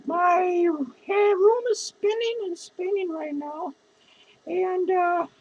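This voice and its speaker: A woman's voice: extremely high pitch, unhurried, a little mellow, lo-fi sound. A woman playing a drunk, lonely, foul-mouthed female clown who rambles and swears in a rambling character vlog. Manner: rambling, profane, giggly.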